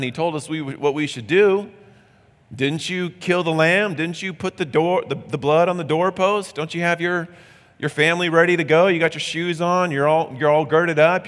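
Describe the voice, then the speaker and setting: A man voicing a confident, faithful Israelite man who fires off rapid questions, heard with long hall reverb. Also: fairly high pitch, fairly bright tone, voice pushed up, natural voice. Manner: rapid, pressing rhetorical questions. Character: confident faithful male Israelite, eager and insistent.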